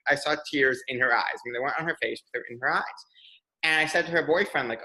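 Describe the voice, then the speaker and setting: A young man telling personal stories in a candid interview, animated as he recounts moments. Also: medium pitch, fast, rough recording. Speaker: podcast guest, PR consultant. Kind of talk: candid conversational storytelling.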